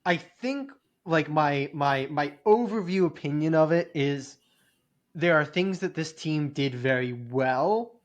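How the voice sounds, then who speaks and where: A man's voice: fairly high pitch, expressive, takes it slowly. A man co-hosting a podcast in casual chat, loose and hedging, with lots of fillers. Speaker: podcast co-host.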